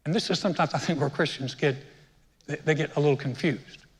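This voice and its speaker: A hoarse man preaching a conversational sermon as pastor, joking and talking straight to his congregation in a church. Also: on the high side, fast talker. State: hoarse, sounds sick. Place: church sanctuary. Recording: long hall reverb.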